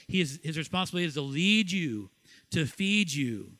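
A middle-aged man from Ohio preaching a sermon as pastor, lively, asking questions and laughing at himself. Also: on the high side, normal speed. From Ohio, USA.

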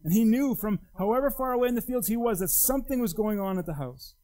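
Man, pastor, sermon, conversational and emphatic, mellow, slightly high voice. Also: expressive, fast talker, poor audio. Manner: conversational, emphatic, wide pitch swings.

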